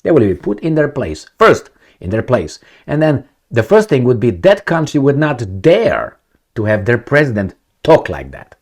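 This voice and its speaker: A man giving blunt solo commentary, firing rhetorical questions and swinging between loud and soft. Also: medium pitch, huge pitch swings, normal speed. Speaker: political commentator.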